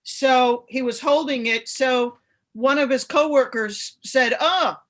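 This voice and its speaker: A woman, an adult student, telling a story at an unhurried pace in a casual online class. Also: high-pitched, steady tone, fairly bright tone.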